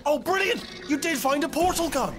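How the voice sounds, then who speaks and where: A man's voice: extremely high pitch, lively intonation, fairly quick, music in the background. A man voicing a chatty, nervous male robot personality core in a video game, rambling and exclamatory. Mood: excited.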